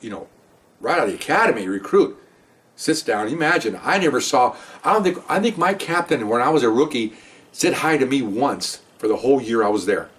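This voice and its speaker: A man's voice: medium pitch, expressive, a little fast, a bit bright. A man in his sixties, a retired police detective, telling stories in a rambling, conversational way with many asides. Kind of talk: casual storytelling. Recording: voice a bit distant from the mic.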